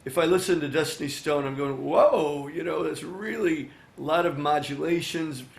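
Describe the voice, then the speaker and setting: An older man in a casual interview, sounding a touch higher than most men. He talks in a chatty, animated way, acting out snippets of dialogue. His voice carries the roomy echo of his studio. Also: normal speed, gravelly. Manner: chatty, animated, acts out quoted dialogue, many "you know" fillers. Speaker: songwriter and musician, interview guest.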